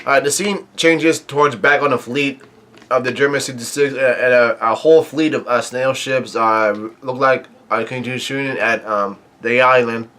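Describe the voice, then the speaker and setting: A man's voice: mid-range voice, fairly even intonation, moderate pace, pushed and bright. A man casually recapping a comic chapter, reading the panels aloud and rambling with lots of fillers and restarts. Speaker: manga chapter reviewer.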